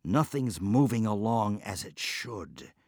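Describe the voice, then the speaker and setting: A man's voice: fairly low pitch, expressive, slow, darkish tone, no echo, studio quality, heavily acted. A man voicing a distressed aging farmer who groans and cries out in rising outbursts. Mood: despairing.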